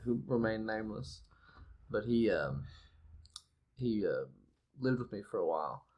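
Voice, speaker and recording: A man's voice: on the low side, lively intonation, a little mellow. A man telling an embarrassing story casually, laughing as he talks. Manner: laughs through his story, quickening as he goes. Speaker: panel member.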